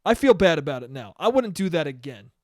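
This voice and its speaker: A man's voice: on the high side, big pitch swings, fast, no echo, clean studio sound. Rambling, swearing young man. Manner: rambling, profane, self-deprecating with bursts of laughter. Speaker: podcast host. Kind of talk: casual solo podcast monologue.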